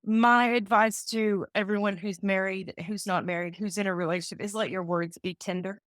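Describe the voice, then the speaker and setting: A woman's voice: mid-range voice, steady tone, normal speed, dry recording, studio quality. Heartfelt woman telling a personal story. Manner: heartfelt, acts out remembered dialogue. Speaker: real estate agent, guest. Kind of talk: emotional personal storytelling in an interview.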